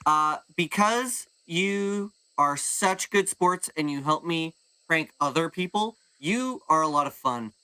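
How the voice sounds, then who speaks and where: A man's voice: lively intonation, slow pace, sharp tone, smooth, exaggerated voice, low-quality recording. A man voicing a tiny, gleeful prankster fairy dragon who gushes and repeats himself. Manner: squeaky, gushing, repeats itself.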